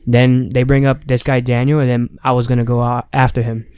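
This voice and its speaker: Smooth-voiced young man telling a story. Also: medium pitch, flat delivery, a little fast, mellow, dry recording, studio quality. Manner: loose, rambling storyteller who acts out quotes. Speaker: stand-up comic. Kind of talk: casual storytelling chat.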